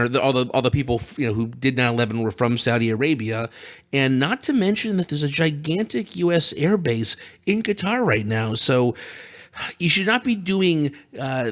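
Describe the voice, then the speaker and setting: A man's voice: mid-range voice, a bit bright. A man co-hosting a casual political podcast, rambling and joking and laughing often. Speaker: podcast co-host.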